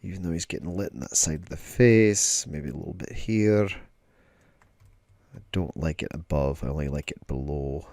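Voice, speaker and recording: With a bass voice, dark tone, and vocal fry, this streamer talks at normal speed; the studio-quality recording has no echo. He's a digital artist drawing on stream, rambling casually, full of filler words and playful mock lessons.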